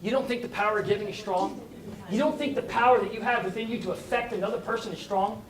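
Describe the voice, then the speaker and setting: Animated male motivational speaker, echoey. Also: quick pace, recorded from a distance. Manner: animated, rising to high bursts of excitement. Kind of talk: storytelling talk.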